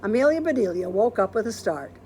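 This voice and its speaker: A woman librarian reading a children's storybook aloud in a gentle, expressive storytelling manner. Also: mid-range voice, fairly quick, slight background noise.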